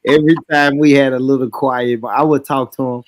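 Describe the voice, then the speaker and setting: A man's voice: mid-range voice, steady tone, fairly quick, no room sound. A man co-hosting a casual livestream chat, laid-back and laughing, dropping frequent "yeah"s. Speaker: livestream co-host.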